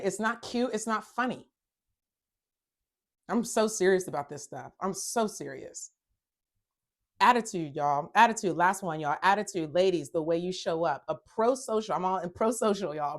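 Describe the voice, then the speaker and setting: Woman, host, fairly low voice, preachy self-help talk, emphatic repetition, gets heated. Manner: emphatic, repeats phrases, addresses listeners as y'all; gets worked up and loud when upset.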